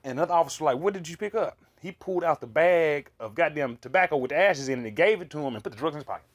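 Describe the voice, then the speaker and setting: A man's voice: fairly high pitch, very fast. A man recounting a vivid dream in a casual monologue, swearing freely and rambling with fillers and restarts. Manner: profane, animated, rambling with fillers.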